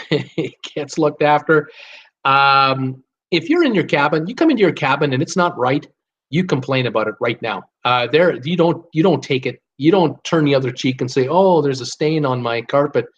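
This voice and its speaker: A man's voice: a little high, lively intonation, moderate pace, a bit bright, slightly rough, lo-fi sound. An older man hosting a live cruise talk, giving blunt, fired-up advice in a ranting manner. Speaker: cruise vlogger host.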